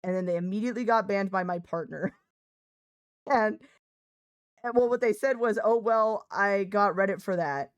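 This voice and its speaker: A woman's voice: medium pitch, normal speed, pauses often, no room sound, highs cut off. A young woman streaming live, chatting casually, laughing often, swearing freely and scolding her cat mid-sentence.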